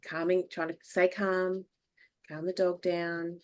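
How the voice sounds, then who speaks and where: Lively Australian woman telling a story. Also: fairly low pitch, measured pace. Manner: lively anecdotes, acts out what people said, laughs often. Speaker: podcast host. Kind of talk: casual chat, animated storytelling.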